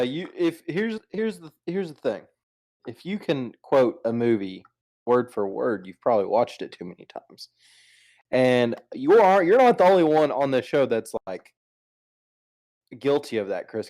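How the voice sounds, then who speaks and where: A man's voice: mid-range voice, animated, unhurried, mellow. A man hosting a podcast in casual chat, rambling and teasing his co-hosts with many restarts. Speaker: podcast host.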